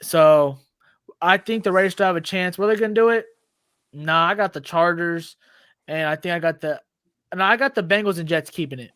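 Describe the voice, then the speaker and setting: A man co-hosting a casual sports podcast, chatty and quick to throw questions at the others. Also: sits high, a bit bright, smooth, no room sound. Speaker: podcast co-host.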